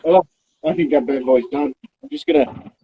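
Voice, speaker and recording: A man's voice: a little high, big pitch swings, moderate pace, creaky, breathy edge. A man co-hosting a live barbecue stream, chatting and laughing easily while he cooks. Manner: chatty, laughs often, talks while cooking. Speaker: co-host of a live barbecue show. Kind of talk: casual live-stream chat. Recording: thin phone-like audio with faint noise.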